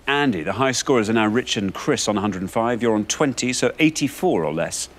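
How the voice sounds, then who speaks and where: A man's voice: medium pitch, animated, fairly quick. Genial male quiz show host. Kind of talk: TV quiz hosting. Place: TV studio.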